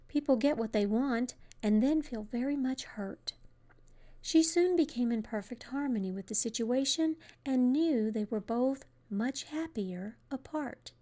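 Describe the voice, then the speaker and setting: A woman reads a spiritual self-help text in a calm, measured way. Her voice sits a little high but sounds warm and mellow. Now and then a phrase drops almost to a whisper. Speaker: audiobook reader.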